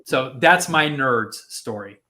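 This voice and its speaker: Bright, animated man telling a story. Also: mid-range voice, slow. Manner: animated, acts out quotes with lots of fillers. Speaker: podcast host. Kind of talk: casual storytelling.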